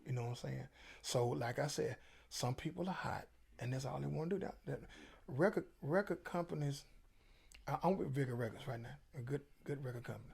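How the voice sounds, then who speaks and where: A middle-aged man talks as an interview guest, his voice gravelly and husky. He tells stories in an emphatic, preachy way, pressing his points home. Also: mid-range voice, fairly quick, darkish tone. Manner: preachy, emphatic, Southern Black vernacular. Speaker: featured guest. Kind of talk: casual storytelling interview.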